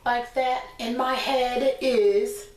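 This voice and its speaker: A woman teaching a class of small children, with a slow, sing-song teacherly way of talking. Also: a little high, steady tone. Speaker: preschool teacher. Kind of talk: online class lesson for young children. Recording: echoey room, voice from a distance.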